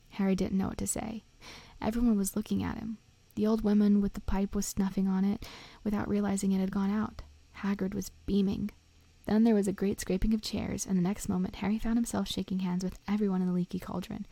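A woman reading a storybook aloud in a gentle, steady, often half-whispered way, close to the mic. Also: medium pitch, fairly quick, dry recording. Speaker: narrator.

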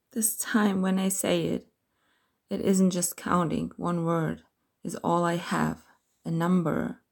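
Whispering woman, slow and gravelly. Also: lowish voice. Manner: soft breathy whisper, slow and intimate. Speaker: narrator of an erotic audio story. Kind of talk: whispered role-play.

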